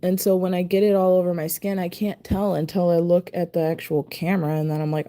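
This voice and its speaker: A woman's voice: lowish voice, little pitch movement, brisk, few pauses, warm tone. A woman chatting casually on a live stream while painting her nails, talking to herself in a self-deprecating way as she concentrates. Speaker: nail art streamer.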